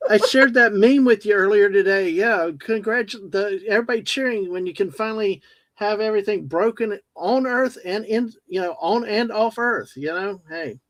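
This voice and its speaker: Brief: chatty joking man guest on a live stream, high-pitched, dry mic. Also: moderate pace, no echo, low-quality recording. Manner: jokey, chatty, restarts often. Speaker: guest co-host. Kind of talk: casual chat on a livestream.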